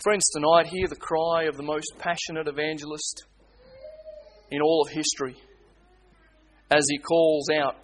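A man preaching a sermon, swinging between hushed pleading and loud, urgent appeals. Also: a little high, level tone, measured pace, pauses often, a little hiss or hum. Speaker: pastor.

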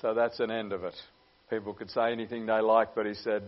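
Lower-voiced man preaching, muffled recording. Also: little pitch movement. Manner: earnest, with many "uh" pauses. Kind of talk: sermon. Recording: dull lo-fi recording.

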